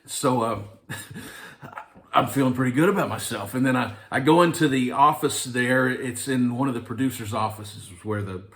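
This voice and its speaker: A man's voice: mid-range voice, normal speed, a bit bright. A man from Arkansas, an actor, telling a wry, self-deprecating story about an audition. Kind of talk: anecdotal storytelling.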